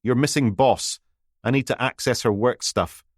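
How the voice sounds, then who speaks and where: A man's voice: mid-range voice, normal speed, husky, no room sound, clean studio sound, pitched above the performer's own voice, close to an everyday voice. A man voicing a smug newspaper reporter who teases and needles in a sarcastic manner. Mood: smug, teasing.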